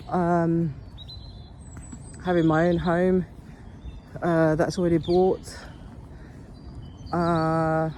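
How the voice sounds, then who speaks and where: Woman, walk-and-talk vlog, earnest, encouraging, mellow tone, phone mic outdoors, faint birds behind. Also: on the low side, slight background noise. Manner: earnest, encouraging, rambling with restarts. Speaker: vlogger. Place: outdoors on a walk along a path.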